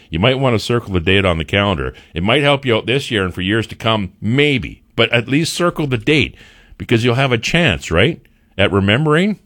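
A man hosting a morning radio show, telling a wry personal story in a casual, animated way. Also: on the low side, a little fast, no echo.

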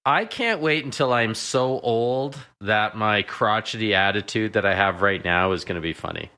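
A man's voice: fairly low pitch, lively intonation, moderate pace, pushed and bright. A man, a vet guest on a talk show, teasing and joking. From Canada. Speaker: veterinarian guest. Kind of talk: casual talk show chat.

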